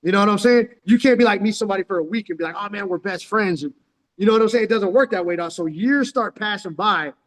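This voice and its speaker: Man, high voice, profane slang-heavy storytelling, phone mic, long hall reverb. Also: fast talker. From San Diego, California. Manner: profane slang, calls listener "dog" constantly. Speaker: vlogger telling life stories. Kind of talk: rambling street storytelling.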